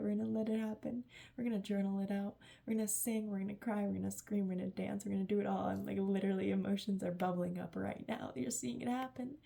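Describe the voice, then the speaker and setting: A tired, emotional woman giving a gushing, affectionate channeled spiritual message to her viewers, laughing often and dropping into soft whispery asides. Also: a little high, vocal fry, slightly rough. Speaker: tarot reader and channeler.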